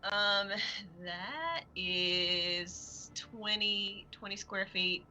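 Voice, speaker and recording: A woman's voice: medium pitch, drawn-out words, bright, forceful tone, slight background noise. A woman playing a tabletop game, hesitant and full of fillers, often laughing at herself. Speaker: player.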